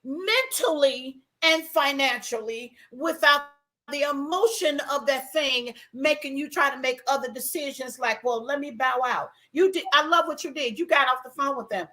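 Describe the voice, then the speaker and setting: Emphatic high bright-voiced woman. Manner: emphatic, acts out her own past words. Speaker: ministry conference host. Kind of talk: candid faith talk.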